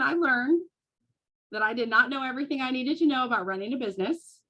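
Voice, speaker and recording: A woman, talking casually to a live audience as a business coach and telling lively stories with frequent laughter. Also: high voice, fast talker, muffled recording. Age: 40s. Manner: storytelling, animated, laughs often.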